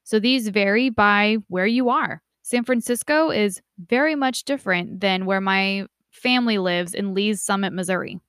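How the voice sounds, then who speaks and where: A young woman giving a casual lecture, conversational and lively when she imitates relatives. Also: medium pitch, moderate pace, hardly any pauses, clear, resonant tone, no room sound, clean studio sound. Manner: conversational, animated quoting of family voices. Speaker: instructor.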